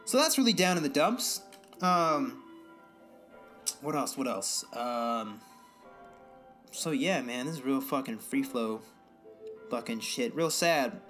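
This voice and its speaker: A young man co-hosting a podcast in loose casual chat, rambling and swearing freely as he rants with animated outbursts. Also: medium pitch, slow pace, pauses often, soft background music. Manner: rambling, profane, animated ranting. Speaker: podcast co-host.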